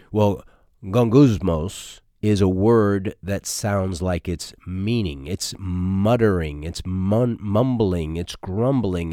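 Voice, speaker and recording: Middle-aged male pastor, deep voice, dry recording; easygoing, conversational sermon delivery. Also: dark tone, no room sound. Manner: conversational, folksy preaching with frequent fillers.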